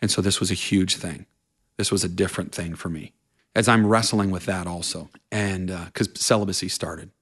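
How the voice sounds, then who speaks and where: A man with a very low, deep voice tells his story in an interview, earnest and unpolished. His sentences run on and tumble over each other as the memories come. It sounds like a casual sit-down chat. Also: fairly even intonation, moderate pace, fairly bright tone, breathy edge. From Vermont, USA. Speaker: guest, country singer.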